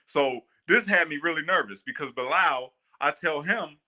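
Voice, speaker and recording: A man from Northwest Indiana telling a story casually, animated and full of slang. His voice is quite bright and sits a little high for a man. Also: moderate pace. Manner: animated, slangy, laughs often. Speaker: guest storyteller.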